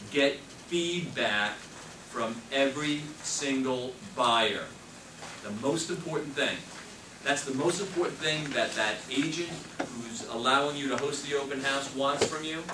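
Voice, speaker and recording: Male trainer, forceful coaching delivery, recorded from across an echoey room with background noise. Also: mid-range voice. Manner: emphatic, repeats key phrases, coaching tone. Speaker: real estate sales trainer. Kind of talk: classroom training talk. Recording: echoey room, mic far off, noisy.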